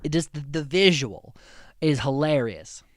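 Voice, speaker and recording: A man's voice: fairly high pitch, expressive, measured pace, no echo, clean studio sound. A man hosting a casual recap podcast, rambling and amused, with many restarts and frequent laughs. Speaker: podcast host.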